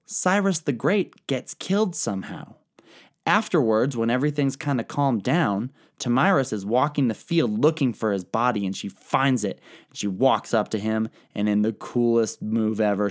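A man retelling history in a casual, profane, comedic podcast style with laughing asides. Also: on the low side. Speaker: podcast host.

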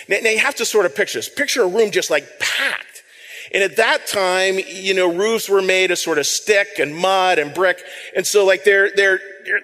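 Man, pastor, conversational sermon, repeats words, somewhat high voice, reverberant hall. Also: moderate pace, pushed and bright. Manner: conversational, repeats words, reads scripture aloud. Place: church sanctuary.

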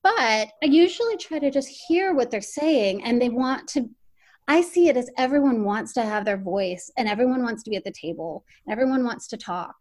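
A woman's voice: a little high, animated, a little fast, a little mellow. A woman who works as a newspaper editor, answering interview questions in an earnest, reflective way and occasionally stumbling over her words.

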